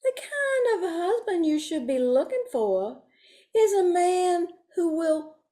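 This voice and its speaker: A woman's voice: very high voice, big pitch swings, takes it slowly, dark tone, pitched above the performer's own voice, heavily acted. A woman voicing a prim, fussy older Sunday school teacher in a comic monologue, talking in a lilting, stagey way full of asides.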